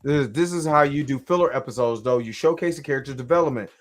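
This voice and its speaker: A man from Kansas City, USA hosts a casual live reaction show, reviewing an episode in a mid-range voice at a quick pace. He talks at length and keeps saying "you know what I'm saying," with faint music in the background.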